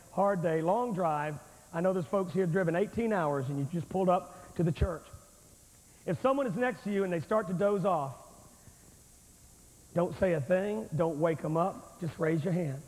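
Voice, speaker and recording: A preacher with a high, ringing man's voice delivers a revival sermon in a packed church sanctuary. He is folksy and emphatic, talking straight to the congregation. His words echo through a big, reverberant hall on an old videotape recording. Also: a little mellow. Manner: folksy, emphatic, addresses the crowd directly. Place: large church sanctuary with thousands present.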